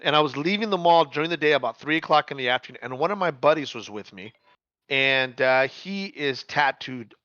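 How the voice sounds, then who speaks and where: A middle-aged man telling a story in casual chat, animated, repeating words and swearing freely. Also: fairly high pitch, fairly quick, no echo, highs cut off.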